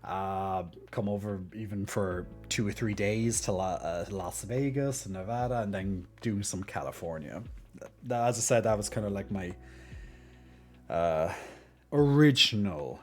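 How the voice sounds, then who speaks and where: A man's voice: lowish voice, measured pace, faint music behind. An Irish man streaming, chatting casually with viewers in a rambling way full of fillers. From Ireland.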